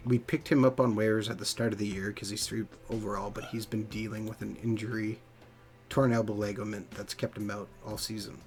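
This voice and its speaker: Speaking briskly in a fairly low voice, a man mutters along while playing a hockey management game on stream. He reads out results and calmly narrates his menu choices in casual gameplay commentary.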